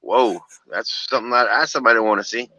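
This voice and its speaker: Profane, bright-voiced Florida man on phone. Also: mid-range voice, quick pace, no room sound, dull audio. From Florida, USA. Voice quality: stammering restarts, swearing. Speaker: tow truck driver on a call. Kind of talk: casual profane storytelling. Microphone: phone while driving.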